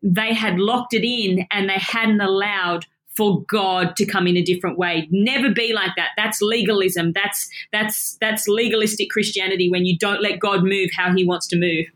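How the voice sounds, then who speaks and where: A woman's voice: mid-range voice, fairly even intonation, moderate pace, few pauses, a bit bright. A woman giving a casual, enthusiastic Bible teaching, chatty and laughing often.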